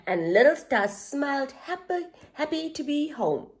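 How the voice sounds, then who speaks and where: A woman's voice: sits high, big pitch swings, measured pace. A woman who works as a preschool teacher, reading a picture book aloud expressively and asking young listeners questions. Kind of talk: children's story reading.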